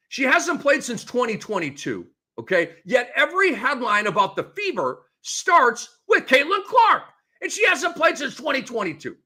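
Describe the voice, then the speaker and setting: A middle-aged man hosts a sports show alone, ranting with excitable swings in volume. His voice sits high and bright. It leaps around with a lively, bouncing pitch. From lives in the Tampa Bay area. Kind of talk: animated solo sports commentary.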